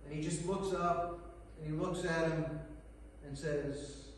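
A man preaching a sermon as pastor, earnest, with dramatic pauses and hushed retellings of scripture. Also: fairly high pitch, little pitch movement, slight background noise. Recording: echoey hall recorded from far off.

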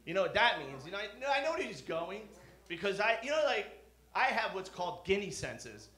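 A man's voice: high-pitched, very animated, brisk, bright, forceful tone. A middle-aged male stand-up comedian doing a live set in a comedy club, brash and profane, bantering with the audience. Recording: echoey club with crowd.

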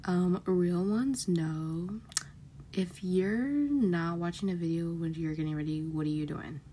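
A young woman gives a casual voice-over of her own makeup routine, chatty and loose with plenty of fillers. Her voice sits on the low side and sounds warm and relaxed. Faint ambient noise hangs underneath. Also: measured pace. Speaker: vlogger. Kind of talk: voice-over narration.

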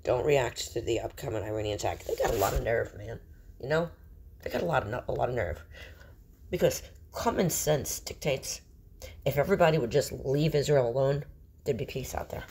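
Middle-aged male host, mid-pitched and gravelly, news read-through with commentary, trips over and spells out place names. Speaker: Christian video host. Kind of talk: reading news aloud with personal commentary. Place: room in a house. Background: faint background noise.

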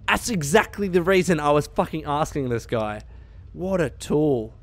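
A man giving casual, profane gameplay commentary, excitable and quick to laugh. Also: fairly high pitch. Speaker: let's play gamer.

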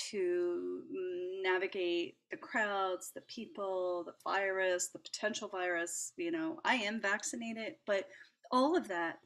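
A middle-aged woman hosting a reflective talk about the heart, chatty and gentle, laughing lightly and dropping to soft asides. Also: medium pitch. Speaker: host.

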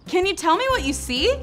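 Young woman host of a preschool Bible show, high, sunny voice, unhurried and playful, light music underneath. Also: a bit bright. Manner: exaggerated, playful, cheering on young children.

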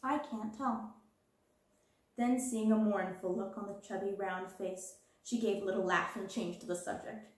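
A woman reading a children's classic aloud as a storyteller, with gentle, even narration. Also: medium pitch, moderate pace, few pauses, heavy reverb, poor audio.

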